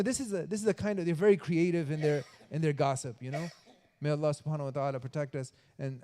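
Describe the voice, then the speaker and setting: A man's voice: a little high, dark tone, in a large hall. Man giving a casual mosque talk. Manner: conversational, acts out gossiping voices. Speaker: mosque speaker. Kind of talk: sermon. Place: mosque hall.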